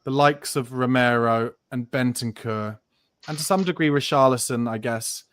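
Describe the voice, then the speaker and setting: A man's voice: mid-range voice, normal speed, fairly bright tone. Talkative analytical male podcast host. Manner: talkative, analytical, swears casually. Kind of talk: casual football chat.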